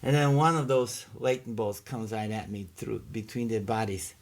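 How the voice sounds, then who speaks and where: A middle-aged man, a podcast guest, telling a vivid personal testimony with halting restarts and repeated words. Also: on the low side.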